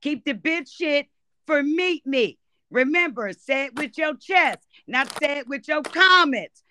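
A woman's voice: high-pitched, expressive, unhurried, bright, forceful tone, a little hiss or hum. A woman taking part in a live app room, mocking and sassy and swearing freely. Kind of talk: casual live-stream trash talk.

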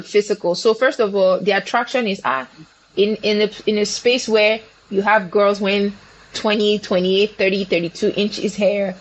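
A woman's voice: mid-range voice, rough recording. A woman from Nigeria, co-hosting a casual chat and explaining her view at length, with many restarts. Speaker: co-host.

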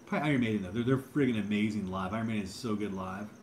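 A man's voice: medium pitch, racing, hardly any pauses, darkish tone, a little hiss or hum. A man hosting a casual livestream, rambling laid-back chat and thanking viewers, says bro and dude a lot while drinking beer. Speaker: livestream host.

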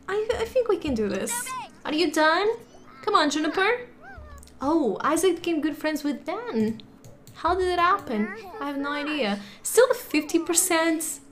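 A woman with a high, light voice talks through a game in casual let's play commentary, chatty and quick to giggle. She sits at a home setup on a desktop microphone, and a faint hum of room ambience hangs behind her. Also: a bit bright. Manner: giggly, chatty, frequently laughing. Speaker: gaming channel host. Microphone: desktop USB microphone.

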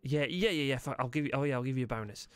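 Casting: male streamer in role-play, stammering and flustered, mid-pitched voice. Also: very fast, clear, resonant tone. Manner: hesitant, filler-heavy, flustered. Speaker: streamer playing a detective.

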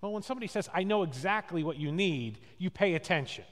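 A man's voice: sits high, lively intonation, fast talker. A male pastor preaching a sermon, telling stories with acted quotes and asking rhetorical questions. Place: church sanctuary. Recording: long reverb of a church hall.

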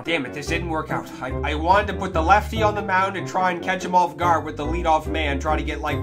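A man giving live gameplay commentary, cursing freely and swinging between low muttering and yelling at the game. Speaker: gaming video creator. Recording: clear game music under the voice. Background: game music.

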